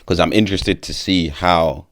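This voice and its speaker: Brief: male vlogger, very low voice, loose sweary talk. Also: fairly even intonation, normal speed. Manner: rambling, swears freely, stumbles over names. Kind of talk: casual commentary.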